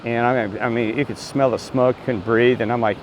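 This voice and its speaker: A man in a casual vlog, telling a meandering story in an excitable way and often voicing disbelief. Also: mid-range voice, normal speed, a little hiss or hum. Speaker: self-described street minister.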